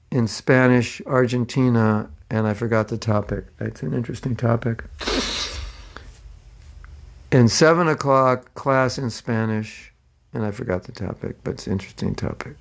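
A man giving a casual online scripture class as teacher, rambling and joking at his own expense. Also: mid-range voice. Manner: rambling, self-mocking humor. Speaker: spiritual teacher.

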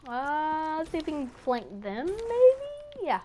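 High-voiced excitable gamer, chatty play-by-play, yelps when spooked, faint hiss behind. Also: moderate pace. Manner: chatty, talks to enemies on screen. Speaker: gaming YouTuber. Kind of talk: live gameplay commentary.

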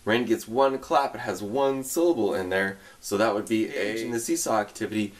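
A man's voice: on the low side, brisk, noisy background. A man teaching a music lesson to young children online. He gives upbeat directions and sings the tune for them to repeat.

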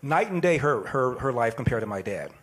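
A man in his sixties giving an animated, plain-spoken storytelling speech. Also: mid-range voice, fairly quick, slightly rough. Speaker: speaker at an event.

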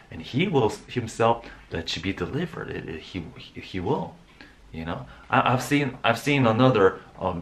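A man's voice: lowish voice, a bit bright. A man giving an informal sermon, often restarting his words and rising into emphatic bursts. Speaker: preacher.

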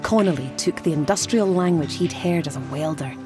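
A woman from Scotland with a Scottish accent, presenting and narrating a documentary in a brisk, wry way. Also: on the low side, over music.

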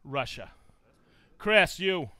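Upbeat high-voiced male live-show host. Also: lively intonation, drawn-out words, bright, forceful tone, no room sound. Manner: upbeat, reads viewer locations aloud, jokey. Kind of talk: casual live-stream chat.

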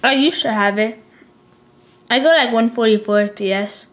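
A woman's voice: a little high, moderate pace. A young woman hosting a live game stream, talking in offhand, laid-back slang with her co-player. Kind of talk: casual gaming chat.

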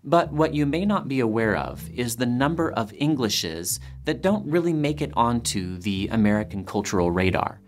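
A male presenter narrates a scripted documentary with an animated, swinging pitch. His delivery has a light, playful touch. Soft guitar plays quietly in the background. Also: moderate pace, hardly any pauses.

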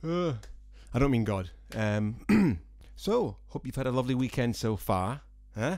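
A man with a softened Scottish accent chats to his viewers in a rambling, dry and self-mocking way, tossing jokey asides between thoughts. His voice sits at a middle pitch for a man. He is recorded in a small room at home, close and dry, with no echo. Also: sing-song, measured pace. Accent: Scottish, softened by years in England. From Scotland. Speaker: singer-songwriter. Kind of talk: rambling casual vlog chat to viewers.

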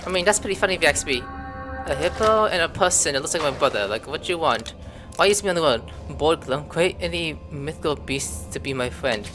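A man casually commenting on a video game as he plays, muttering his thoughts and then jumping up into startled exclamations. His voice swings widely in pitch. Soft game music plays underneath. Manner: excitable, thinking aloud, sudden surprised outbursts. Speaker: gameplay commentator. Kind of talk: casual let's-play commentary.

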